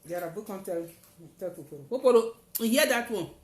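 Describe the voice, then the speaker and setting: A woman with a Nigerian Pidgin accent tells a personal story dramatically, acting out the shouts of the people in it. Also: medium pitch, animated, quick pace. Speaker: testifier. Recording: roomy echo, faint noise.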